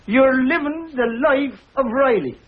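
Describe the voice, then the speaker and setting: An actor playing a lonely, warm-hearted older Irish tailor, with a husky voice and a lilting Irish brogue. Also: male voice, extremely high pitch, animated, a little slow, heavily acted. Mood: wistful, coaxing. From Ireland. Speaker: visiting cousin, a tailor. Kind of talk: 1950s TV sitcom acting. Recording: dull lo-fi 1950s TV audio.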